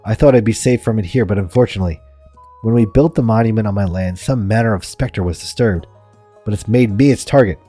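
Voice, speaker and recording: A man's voice: on the low side, quick pace, dark tone, breathy edge, faint music behind. A man voicing a frightened male noble chief who talks in a panicky, pleading way. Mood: fearful.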